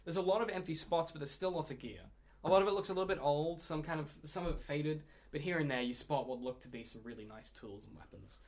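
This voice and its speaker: Male game master, slightly high voice, casual rambling narration. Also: fast talker. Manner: rambling, many ums and restarts.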